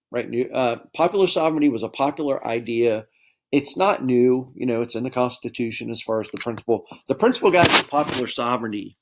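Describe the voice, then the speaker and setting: A man teaching a history lesson in a relaxed, conversational way, often checking in with his students. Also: medium pitch. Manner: conversational, keeps addressing students as guys with frequent okay and right checks. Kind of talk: classroom lecture.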